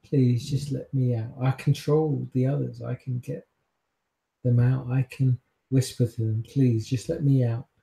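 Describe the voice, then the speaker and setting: A man's voice: a little high, slow pace, creaky, pauses often, dark tone, echoey room, rough recording. A man voicing a young male vampire prisoner who pleads, wheedles and stammers for his release. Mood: pleading.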